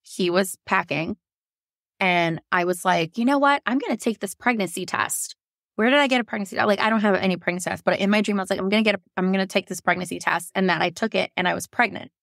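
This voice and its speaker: Woman, 30s, podcast guest. Animated storyteller who jumps up in pitch for quoted lines, dry close mic. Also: quick pace, vocal fry, no room sound. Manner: animated, laughs often, acts out quotes in a higher voice. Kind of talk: casual storytelling.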